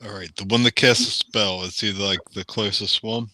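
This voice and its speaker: A man at a tabletop game speaks with a lowish, bright and forceful voice in a dry, close room. He asks blunt questions about rules and rolls in a casual way. His talk is direct and matter-of-fact. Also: fairly even intonation, normal speed, dry recording. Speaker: player.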